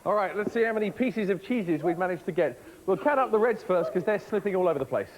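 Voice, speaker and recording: A man's voice: sits high, lively intonation, fast, a little hiss or hum, rough recording. A man hosting a children's TV game show from a studio set, jokey and full of puns. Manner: jokey, punning, bouncy.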